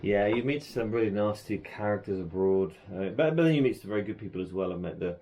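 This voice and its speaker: Low-voiced man, relaxed chat. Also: quick pace, slight background noise. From Netherlands. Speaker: podcast co-host. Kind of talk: casual chat.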